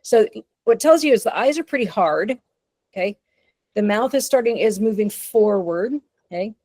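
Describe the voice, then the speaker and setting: A woman's voice: medium pitch, expressive, normal speed, mellow, no room sound. A woman giving an informal webinar presentation on dog behavior in a chatty, easygoing way, with frequent fillers and light laughs.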